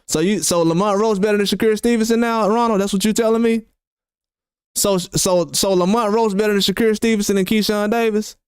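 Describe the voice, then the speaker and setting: A man's voice: sits high, clear, resonant tone, no room sound, clean studio sound. A man hosting boxing commentary, talking heatedly and repeating rhetorical questions.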